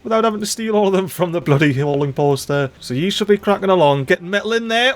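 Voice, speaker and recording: A chatty, excitable man with a fairly high voice gives casual commentary over his own gameplay. He swears mildly, uses dialect slang and keeps talking straight to the little characters on screen. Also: a little fast, hardly any pauses, faint music behind. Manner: excitable, talks to the game characters. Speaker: let's play host.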